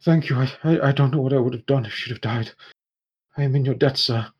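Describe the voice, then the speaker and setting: A man's voice: medium pitch, fast, slightly rough, muffled recording, pitched above the performer's own voice. A man voicing a grateful, shaken village man who pleads earnestly and tumbles over his thanks.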